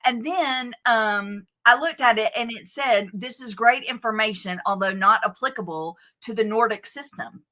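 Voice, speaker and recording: A woman with a Southern American accent, a guest author telling stories in a lively, animated way. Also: fairly high pitch, normal speed, few pauses. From United States. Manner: lively, animated storytelling with self-corrections. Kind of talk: conversational interview.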